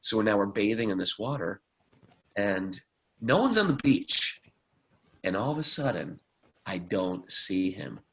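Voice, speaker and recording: A man co-hosting a podcast, telling a story in a lively, casual way and acting out the quotes. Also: on the low side, measured pace, vocal fry, pauses often, poor audio. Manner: animated storyteller, acts out quotes. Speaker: podcast co-host.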